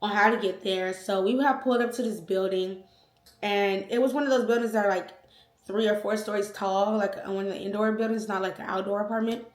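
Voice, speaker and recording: Young woman, storytime vlogger, animated, slangy, mid-pitched, echoey room. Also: brisk. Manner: animated, slangy, acts out quotes. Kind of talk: casual storytelling.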